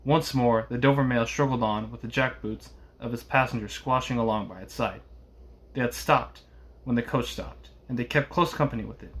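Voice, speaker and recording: A man reading a classic novel aloud in a steady voice, with occasional small slips. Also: medium pitch, moderate pace. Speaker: reader.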